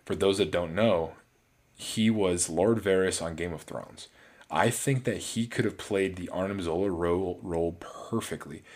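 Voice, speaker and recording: Deep-voiced man rambling about movies. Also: moderate pace, a little mellow. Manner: rambling, frequent restarts and fillers. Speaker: film reviewer. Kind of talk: casual solo movie review.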